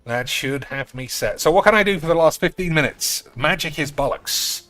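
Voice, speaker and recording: A man's voice: fairly high pitch, animated, normal speed, a bit bright. A man chatting casually and swearing freely while streaming a card game. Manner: rambling, sweary, offhand. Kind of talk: casual live-stream chat while gaming.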